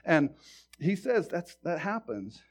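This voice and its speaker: A man in his fifties preaching a sermon, telling a personal story in a conversational way, often restarting words and swinging from loud preaching to quiet asides. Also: on the high side, sing-song, slow pace. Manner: stammering restarts. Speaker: pastor.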